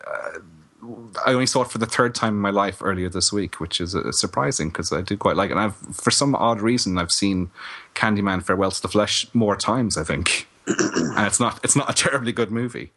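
A middle-aged man co-hosting a casual film review podcast, chatty and animated, laughing often. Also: on the low side, fairly quick, slightly rough. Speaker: podcast co-host.

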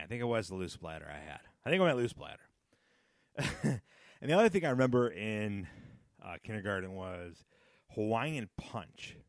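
A man in his thirties hosting a casual solo podcast, rambling and nostalgic with sudden loud high-pitched outbursts. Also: no echo, studio quality. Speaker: podcast host.

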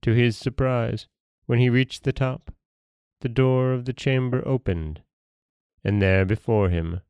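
A man hosting a podcast and reading a folktale in a calm, measured storytelling manner. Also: sits low, no echo, studio quality.

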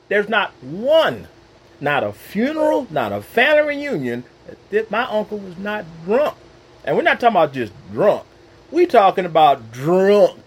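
A man's voice: high-pitched, husky, low-quality recording. A man giving an earnest, personal devotional talk into his own microphone, emphatic and repeating phrases for weight. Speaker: Christian speaker.

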